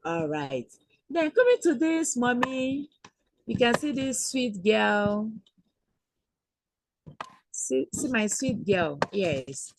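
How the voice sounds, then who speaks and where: Woman teaching Igbo slowly. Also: a little high, big pitch swings, noisy background. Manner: slow, repetitive teaching with drawn-out Igbo phrases. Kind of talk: webinar lesson for children. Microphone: computer mic on a video call.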